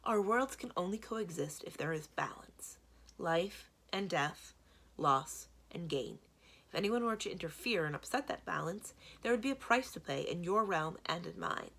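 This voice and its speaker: A woman's voice: fairly low pitch, lively intonation, normal speed, vocal fry, a bit bright, heavily acted. Woman reading as a stern magical guardian queen. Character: stern female guardian of magic realm, cold and commanding.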